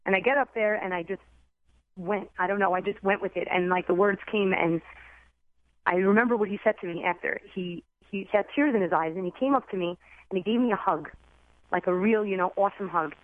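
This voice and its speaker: A woman and former teacher, a guest in an interview, telling her personal story in an earnest, excitable way over the telephone. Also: mid-range voice, fairly quick, no room sound. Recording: tinny phone line, dry.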